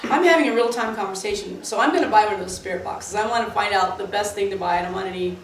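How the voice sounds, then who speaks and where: Quick-paced and mid-range, a woman who works at the club in Florida tells animated, tangent-hopping anecdotes heavy on fillers. The interview takes place inside the club building, with room echo, a far-off mic and faint background noise.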